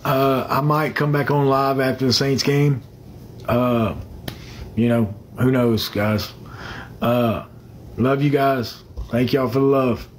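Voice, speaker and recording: A man's voice: mid-range voice, steady tone, slow pace, slight background noise. Rambling man chatting on a livestream. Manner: rambling, greets viewers by name, many fillers. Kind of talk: casual livestream chat.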